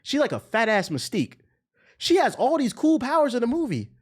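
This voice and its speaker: A man's voice: extremely high pitch, wildly swooping pitch, brisk, slightly rough. A young man streamer ranting in casual, profane commentary, now and then mocking voices.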